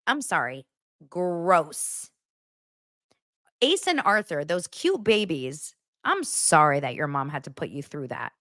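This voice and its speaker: A woman's voice: fairly low pitch, sing-song, a little slow, pauses often, fairly bright tone, no room sound, clean studio sound. A woman hosting a podcast, recapping reality TV in a blunt, sarcastic, casual way. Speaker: podcast host.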